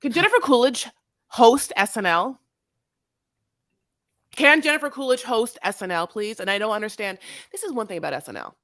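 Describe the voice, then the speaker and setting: A woman's voice: fairly high pitch, lively intonation, moderate pace, pauses often, a bit bright, no room sound, studio quality. A woman co-hosting a casual recap podcast, talking in a sassy way, swearing freely and calling people honey. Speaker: podcast co-host. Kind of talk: casual reality-TV recap chat.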